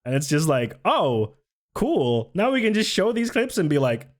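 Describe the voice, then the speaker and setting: A man's voice: on the high side, big pitch swings, a little fast. A young man streaming casual political commentary, sarcastic and sweary, laughing often and reading chat aloud.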